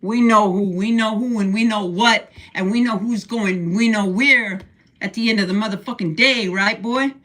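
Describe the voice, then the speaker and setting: A woman's voice: medium pitch, normal speed, a bit bright. An older woman hosting a casual livestream from her room at home, blunt and profane as she rants. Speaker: livestream host.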